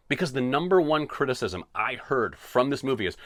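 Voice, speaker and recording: A man rants on his solo podcast in an animated, tongue-in-cheek way, full of sarcasm. His voice sits in a middle pitch, and the close mic sounds dry with no room around it. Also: quick pace, few pauses, no echo. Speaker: podcast host. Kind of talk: opinionated solo podcast rant.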